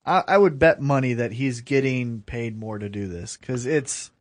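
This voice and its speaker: A man's voice: mid-range voice, normal speed. A man co-hosting a casual podcast, giving wry short replies and swearing freely. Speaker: podcast co-host.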